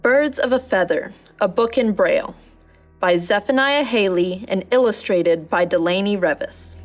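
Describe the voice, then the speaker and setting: Woman reading a kids storybook, gentle and even, middle pitch. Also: moderate pace, faint music behind. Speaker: narrator. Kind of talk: storybook narration.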